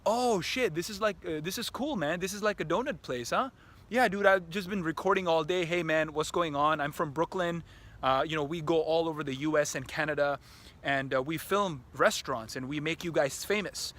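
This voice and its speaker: A man putting on a brash fake celebrity food vlogger, loud, cocky and over-friendly, while recording outdoors at a park tennis court. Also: a little high, normal speed, natural voice.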